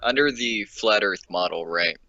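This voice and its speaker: A man hosting a podcast who asks questions in a relaxed way and gives brief replies while listening. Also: lowish voice, normal speed, dry recording, lo-fi sound. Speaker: podcast host. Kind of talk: casual interview questions.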